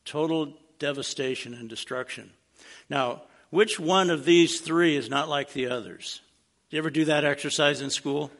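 A man preaching in a relaxed, conversational way, with a fairly high voice that is gravelly and bright. He keeps his teaching plainspoken and slips in dry, joking asides. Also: moderate pace. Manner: casual and plainspoken with wry humorous asides. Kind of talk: conversational sermon.

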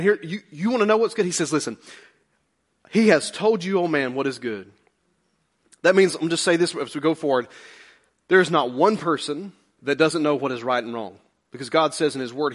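A male pastor delivering a conversational, emphatic sermon with humor and rhetorical questions. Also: mid-range voice.

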